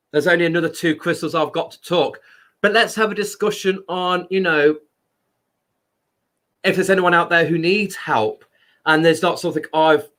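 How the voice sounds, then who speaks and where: A man hosting a live stream, talking casually and loudly to his viewers. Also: fairly high pitch. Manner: unhurried, chatty, talks to viewers by name; loud speaking voice.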